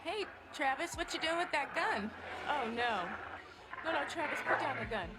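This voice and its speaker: A man voicing a distraught young woman from a sitcom in a squeaky falsetto, pleading and fretful. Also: expressive, normal speed.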